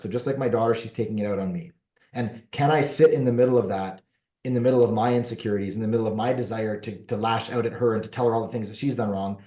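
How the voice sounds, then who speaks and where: A middle-aged man talks through relationship advice in an earnest, explanatory way. His voice is mellow and dark. The room around him is echoey. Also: on the low side. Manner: earnest, explanatory, often ends points with "right?". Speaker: podcast guest, relationship coach. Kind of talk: conversational advice monologue.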